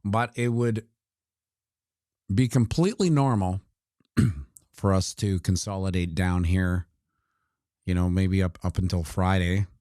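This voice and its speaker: Looking things up and scrolling on his computer, a man jokes casually as he comments on crypto charts. His voice sits low with a warm tone, captured in clean studio sound without any room noise.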